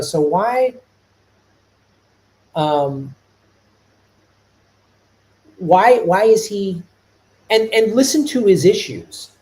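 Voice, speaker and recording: A man's voice: high voice, slow pace, pauses often, rough recording. A middle-aged man from Chicago hosting a live stream, talking in a casual, rambling way with many restarts. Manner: animated, rambling, with repeated restarts. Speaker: podcast host.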